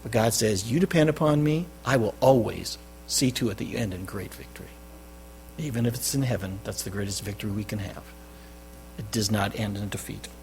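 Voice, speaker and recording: A man preaching a sermon as pastor, with loud stressed phrases that drop to quiet endings. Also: lowish voice, brisk, a little hiss or hum. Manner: emphatic, swinging between loud stresses and quiet drops. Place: church.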